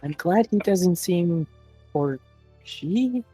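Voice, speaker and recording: A man's voice: sits high, expressive, slow pace, mellow, husky, dry recording, soft background music. A man playing a tabletop game who casually explains his character's actions in the third person.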